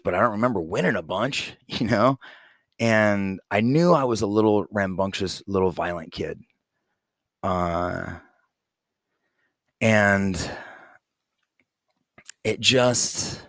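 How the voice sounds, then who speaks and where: Gravelly-voiced man in his forties, blunt and profane. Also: lowish voice, dry recording, clean studio sound. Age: 40s. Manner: blunt and profane, plain-spoken; rambling with many fillers. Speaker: father talking to his young daughter. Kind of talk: casual heartfelt monologue.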